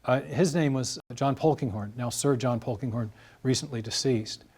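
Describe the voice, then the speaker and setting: A man's voice: mid-range voice, a little mellow, breathy edge. Lecturing man explaining with examples. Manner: measured, lecturing with examples and restarts. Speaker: guest scientist. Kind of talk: explanatory interview talk.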